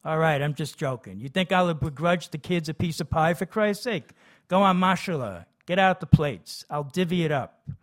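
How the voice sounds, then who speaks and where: A gruff, blustering dad who jokes and brags in a loud, raised voice, as a male storyteller puts him on. His talk is brash and offhand, slightly higher than the reader's own voice. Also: expressive, moderate pace. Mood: teasing. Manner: brash and joking. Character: gruff, blustering working-class father.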